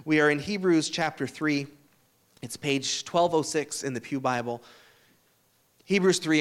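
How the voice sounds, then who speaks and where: Casting: male pastor, 30s, high clear voice, relaxed storytelling sermon. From Canada. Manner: storytelling, conversational with uh fillers.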